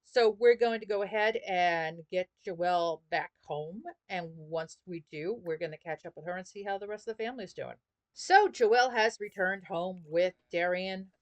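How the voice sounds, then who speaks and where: A woman's voice: fairly low pitch, moderate pace, no room sound, poor audio. A woman hosting a gaming channel, chatting casually through a life simulation game in loose run-on sentences. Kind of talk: life simulation gameplay commentary.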